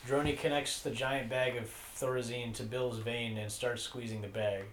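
A man narrating the stage directions of a comedy script in a deadpan manner. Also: mid-range voice, normal speed. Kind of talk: reading stage directions aloud. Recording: echoey room, faint noise.

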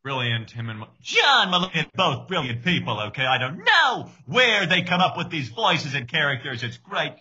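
Bright-voiced young male comedian. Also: a little high, normal speed, few pauses, slightly rough. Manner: energetic, many likes. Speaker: guest comedian. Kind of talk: casual podcast chat. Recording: dull lo-fi sound.

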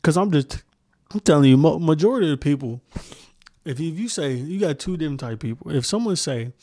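A man's voice: on the high side, lively intonation, quick pace, dark tone, no echo, clean studio sound. A young man hosting a solo podcast, ranting with heavy profanity and mocking impressions. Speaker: podcast host. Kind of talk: heated solo podcast rant.

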